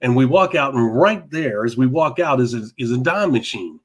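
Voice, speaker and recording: A man co-hosting a casual live talk show, telling a long story in an animated way, laughing often and repeating himself. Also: mid-range voice, normal speed. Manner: animated, laughing, repeats words, mild cursing. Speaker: podcast co-host.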